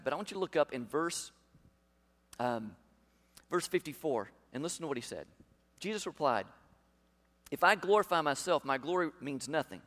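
Male pastor, slightly high voice, preaching emphatically in a reverberant church sanctuary. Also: a bit bright. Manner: emphatic, rhetorical questions to the congregation. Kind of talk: sermon. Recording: long hall reverb.

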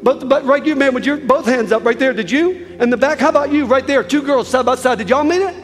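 A man's voice: very high voice, fairly quick. A man preaching an altar call in a large church, urging listeners again and again. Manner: urgent, repetitive exhortation. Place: large church hall with balcony. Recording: echoey hall with soft music.

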